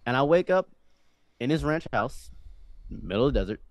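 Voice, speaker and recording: Lively young man telling a story. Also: mid-range voice, normal speed, no echo. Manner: animated, with frequent restarts and acted-out quotes. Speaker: podcast guest. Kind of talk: storytelling in casual conversation.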